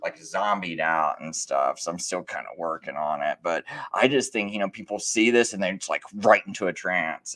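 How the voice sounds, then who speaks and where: A man's voice: sits low, brisk, fairly bright tone. A middle-aged man hosting a live stream, talking in a rambling, casual way with many fillers and restarts, often acting out what other people said. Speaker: livestream host.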